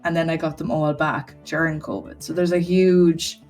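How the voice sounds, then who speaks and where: A woman's voice: sits low, little pitch movement, normal speed, a little mellow, recorded from a distance, soft background music. A young woman, chatting casually as a podcast guest, rambling with lots of fillers. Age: young adult.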